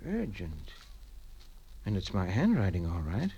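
A man's voice: mid-range voice, lively intonation, normal speed, pushed and bright, dull audio. An actor playing a troubled middle-aged father in a 1940s-style radio drama, hesitant and stammering.

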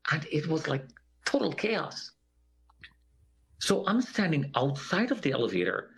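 A man's voice: a little high, wildly swooping pitch, measured pace, vocal fry, a bit bright, breathy edge. A man telling a personal story in an interview, acting out the voices of the people in it. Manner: vivid storyteller who acts out the quoted voices of others.

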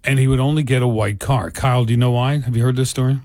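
A man hosting a radio show in a relaxed way, reading out listener comments and laughing easily. His voice is gravelly and sits at an ordinary pitch, with a dry, close studio sound. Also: fast talker, no echo. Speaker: radio host. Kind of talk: casual radio banter.

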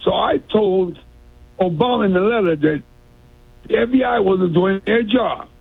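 A man's voice: high voice, expressive, a little slow, gravelly, breathy edge. A man calling in to a radio show, rambling through a long story and stammering as he repeats himself. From New York City. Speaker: caller. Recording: tinny phone line.

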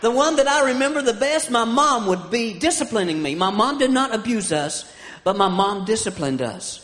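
A man's voice: high-pitched, lively intonation, normal speed, a bit bright, in a large hall. A man doing stand-up comedy, telling stories about his mother and her sayings, with punchlines. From American South. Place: large hall with audience.

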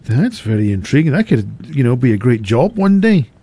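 Husky guy co-hosting, slow talker, pitch bounces around a lot. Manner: slow, lively reactions, short interjections. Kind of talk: casual chat.

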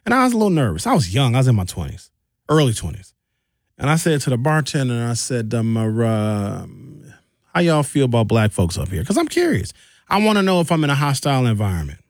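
A man with a Wisconsin accent hosting a radio talk show from a studio mic, telling stories in a joking, animated way. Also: medium pitch, fairly quick, dry recording. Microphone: studio microphone.

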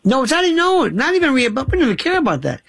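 Gravelly, animated male talk radio host. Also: extremely high pitch, rapid-fire. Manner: impassioned storytelling, acts out quoted voices.

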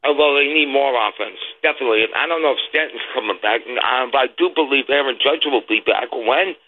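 A man from Brooklyn calling in to a sports radio show, excitable and talking over the host, heard through a phone. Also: mid-range voice, quick pace. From Brooklyn, New York. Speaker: caller. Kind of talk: call-in sports talk. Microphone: telephone. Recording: tinny phone line.

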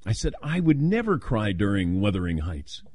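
Older man, radio host, casual chat, lively swooping pitch, dry studio sound, storyteller. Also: normal speed, slightly rough, no room sound. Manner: animated storytelling, playful voices when quoting.

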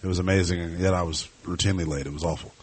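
A man's voice: low voice, very fast, husky, no echo. A man hosting a sports talk show, chatting casually with lots of fillers. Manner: conversational, animated, lots of fillers.

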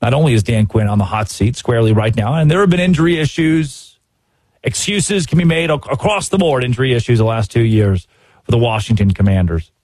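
A man hosting a sports talk show, giving opinionated commentary in an animated, exasperated way and acting out quotes. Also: medium pitch, brisk, no room sound.

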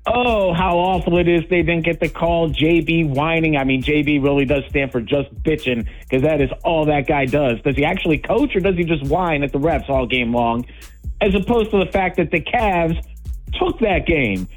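A man's voice: on the high side, moderate pace, soft background music, poor audio. A man leaving a voicemail for a sports radio show, ranting sarcastically. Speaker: caller. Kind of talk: voicemail rant.

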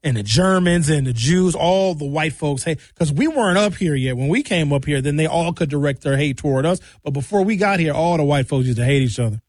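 Guy ranting and mocking, kinda high voice, dry close sound. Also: lively intonation, fairly quick, hardly any pauses, darkish tone, no room sound. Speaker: commentator. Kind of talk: opinionated monologue.

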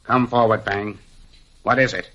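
An actor playing a cold, menacing master criminal who speaks in a measured, formal, threatening way in a 1940s radio drama. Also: male voice, lowish voice, steady tone, fairly bright tone, dull audio, a little hiss or hum. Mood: commanding.

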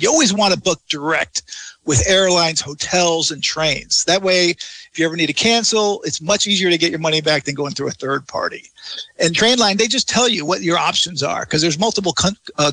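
A man with a high, bright voice and a gravelly edge, chatting in a rambling, eager way with many restarts. He sounds close and dry, as if recorded in a small, dead room. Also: no echo. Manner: rambling, enthusiastic, frequent restarts. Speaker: travel blogger guest. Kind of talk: casual interview chat.

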